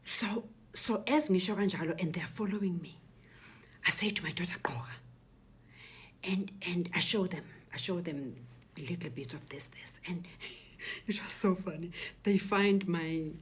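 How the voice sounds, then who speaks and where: A woman giving a personal testimony, telling her story in a hushed, breathy half-whisper and quoting what others said. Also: lowish voice, normal speed. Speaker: speaker recounting a personal ordeal.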